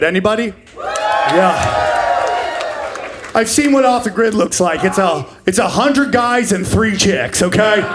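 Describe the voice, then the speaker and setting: Loud crude comedian guy, 40s, high voice, yelling bits at a laughing crowd. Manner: brash, profane, jumps into shouted character voices. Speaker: stand-up comedian. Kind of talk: live stand-up comedy. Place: comedy stage before a laughing audience.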